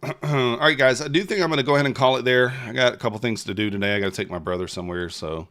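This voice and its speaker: A man's voice: medium pitch, fast talker, a bit bright. A man giving casual live commentary on his day trading, muttering at the market in frustration. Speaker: day trader streaming live.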